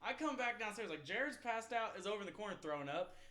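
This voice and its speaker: A man's voice: sits high, animated, fast talker, bright, forceful tone. A man in his twenties telling a long party story in casual, rambling, profane chat, often laughing. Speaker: podcast host.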